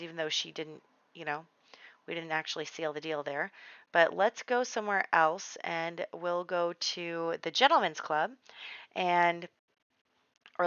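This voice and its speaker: A woman giving casual let's-play commentary, chatty and giggly, telling the story and quickly quoting the characters. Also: fairly low pitch, a bit bright, clear, resonant tone, no room sound, lo-fi sound. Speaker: gameplay commentator.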